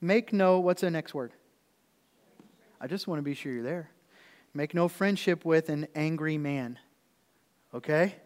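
Pastor guy preaching in a church, fairly high voice, long echo in the hall, keeps asking the crowd questions. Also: measured pace, pauses often, darkish tone. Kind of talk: sermon. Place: church sanctuary.

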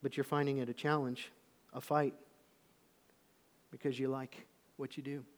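A man preaching a sermon, telling stories with lively swings between loud calls and hushed asides. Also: medium pitch, normal speed. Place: church auditorium. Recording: long reverb of a large hall.

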